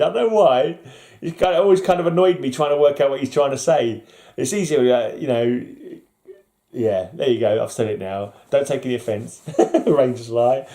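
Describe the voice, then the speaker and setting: A man's voice: mid-range voice, warm tone. A man, chatting casually and bluntly in a rambling vlog, with frequent fillers and restarts. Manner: rambling, blunt, self-interrupting with fillers and laughs. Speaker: vlogger. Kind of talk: casual chat.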